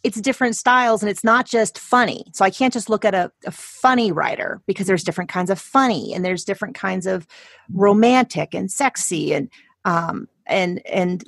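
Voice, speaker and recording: A woman's voice: mid-range voice, a little fast, vocal fry, dry recording, clean studio sound. A woman author guest talking casually in an interview, chatty and emphatic, often restarting her sentences.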